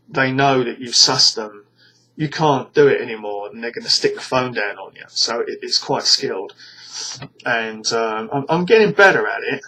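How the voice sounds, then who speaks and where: A man's voice: mid-range voice, pushed and bright, slight background noise, low-quality recording. A British man ranting to his viewers in a casual monologue, rambling and scornful, stumbling over frequent restarts. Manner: scornful, exasperated. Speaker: vlogger.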